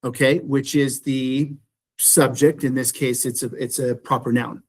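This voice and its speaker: A man's voice: medium pitch, level tone, a little slow. A man teaching a beginning Greek class, explaining patiently and often repeating phrases and asking "right?". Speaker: Greek instructor. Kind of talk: classroom lecture.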